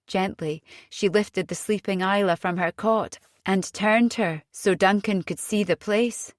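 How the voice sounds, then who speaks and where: A woman narrating a thriller audiobook in a steady, measured reading. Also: medium pitch, no room sound, clean studio sound. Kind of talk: scripted narration.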